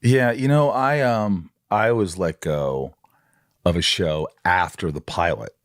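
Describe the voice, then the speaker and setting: A middle-aged man with a very low, deep voice recounts a story in a casual interview, slipping into quoted voices with real animation. The sound is dry and close, with no room around it. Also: slow, dry recording. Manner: animated, acts out quoted dialogue. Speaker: podcast host.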